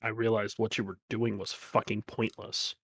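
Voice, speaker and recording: A man's voice: fairly low pitch, flat delivery, normal speed, a bit bright, husky. A man playing in a tabletop game, answering a villain in an intense, defiant and cursing way. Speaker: player. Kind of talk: tabletop role-play.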